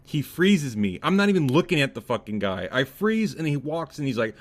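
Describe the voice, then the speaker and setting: Man, podcast co-host, casual chat, swears a lot, lively storyteller. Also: fairly high pitch, a little fast, hardly any pauses. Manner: swears freely, animated storytelling.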